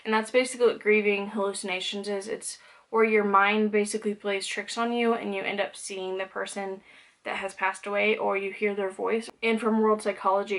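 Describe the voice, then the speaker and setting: A woman's voice: medium pitch, a bit bright. A young woman talking candidly to camera in a personal vlog, conversational and loose, with plenty of "like" and "um". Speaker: vlogger.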